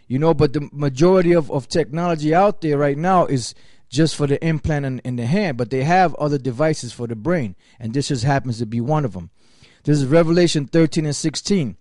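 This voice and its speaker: A man's voice: a little high, brisk, a little mellow, dry recording, clean studio sound. A man preaching and teaching emphatically, reading scripture aloud as he explains it. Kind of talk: sermon-style teaching.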